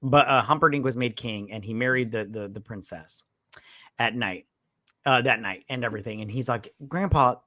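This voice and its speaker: A man's voice: medium pitch, moderate pace, dry recording. A man co-hosting a movie review, talking casually, swearing freely and acting out the characters as he retells the plot. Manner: animated retelling, swearing, acts out lines. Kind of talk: casual chat.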